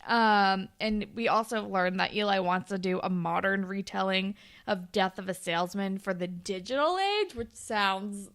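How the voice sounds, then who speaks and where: A woman co-hosting a podcast, casually recapping a TV episode in a chatty, animated way, acting out lines and swearing. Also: mid-range voice, normal speed. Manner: chatty, animated retelling with quoted voices and swearing. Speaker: podcast co-host.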